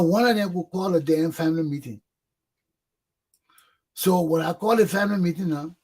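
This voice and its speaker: Hosting his own talk show, a middle-aged Liberian man recounts a story in a husky, slightly high voice. He keeps it casual and energetic, shouting out quotes while dramatizing each scene.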